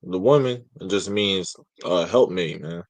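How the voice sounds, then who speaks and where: A man's voice: low voice, measured pace, no room sound, rough recording. A man in a casual religious discussion, talking bluntly and emphatically with some profanity.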